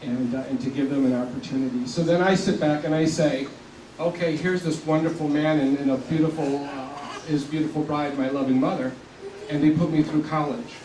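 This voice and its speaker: An older man in his seventies from South Texas gives an earnest, passionate speech in a fairly high voice. He sounds set back from the mic in an echoey hall, with faint room noise behind him. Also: fairly even intonation, fairly quick, distant mic. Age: 70s. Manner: earnest and passionate, at times choked up with emotion. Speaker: community organization leader giving a speech. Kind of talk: public speech.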